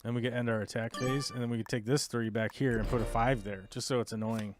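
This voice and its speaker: A man's voice: mid-range voice, fairly even intonation, fast, over music. A man hosting a live stream, talking casually through his moves in a strategy game with wry, sarcastic asides and explaining the controls to viewers. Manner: thinks aloud, wry and sarcastic. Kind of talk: casual play-by-play while playing a strategy game.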